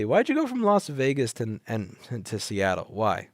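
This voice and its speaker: A man with a lowish voice hosts a late-night livestream, reading chat and firing back blunt, sarcastic answers. He sounds sleepy and yawns often, and he repeats lines for emphasis. His headset mic gives a dry, close sound with no room echo. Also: wildly swooping pitch, unhurried, a bit bright. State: sleepy, yawning. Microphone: headset microphone.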